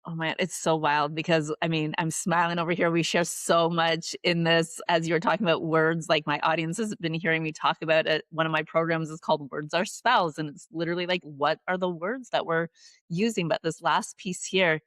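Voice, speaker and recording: A woman hosting a podcast, her voice set a little low and recorded dry and close. She is enthusiastic and effusive, rambling warmly through her thoughts with lots of "like". It sounds like a relaxed conversation. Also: normal speed, dry recording. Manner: enthusiastic, effusive, filler-heavy with "like". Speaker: podcast host. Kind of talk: conversational interview.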